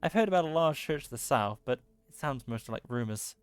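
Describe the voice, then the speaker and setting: A man's voice: mid-range voice, expressive, fairly quick, clean tone, no echo, soft background music, natural voice. A man voicing a polite young woman settler in a video game, in his own plain voice.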